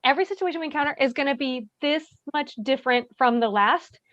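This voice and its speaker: A woman calmly explaining how to handle tense situations, often checking in with "right?". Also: high-pitched, fast talker, no room sound. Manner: calm, explanatory, many "right?" tags. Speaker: bystander intervention trainer. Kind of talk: workshop discussion, answering questions. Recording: dry, dull lo-fi sound.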